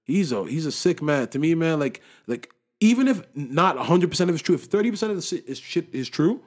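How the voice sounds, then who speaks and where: A young man in casual chat, talking with lively swings between loud bursts and low mutters, full of street slang. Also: fairly quick.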